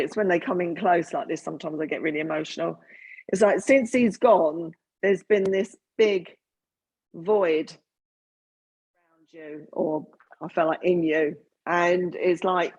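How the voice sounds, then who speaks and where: A woman serving as a spiritualist medium speaks in a low, husky voice. She talks in a halting, earnest way, full of fillers and restarts as she gives her reading. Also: a little mellow, dull audio.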